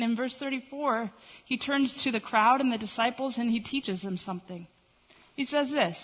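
A woman giving a conversational Bible teaching, retelling scenes with lively quoted voices. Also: on the high side, moderate pace. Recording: dull reverberant hall recording.

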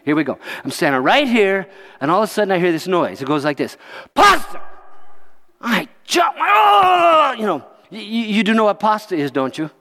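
A man's voice: high-pitched, fast, long reverb tail. A man preaching a sermon as a pastor, telling a story with jokes and asides to the congregation. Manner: animated, jokey, chuckles to the crowd.

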